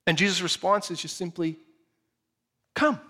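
A man preaching a sermon, retelling a scripture story with animated, acted-out storytelling. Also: a little high, a little slow. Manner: animated storytelling, acts out the scene. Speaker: pastor.

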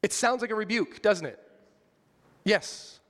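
A man's voice: high-pitched, expressive, a little slow, a bit bright, big-room sound. A man preaching a conversational sermon, asking the congregation questions and joking lightly. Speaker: pastor.

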